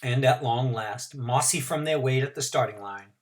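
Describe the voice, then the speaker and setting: A man's voice: medium pitch, moderate pace. Male teacher, reads a novel aloud to students, stops for asides and explanations. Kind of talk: reading a novel aloud to a class.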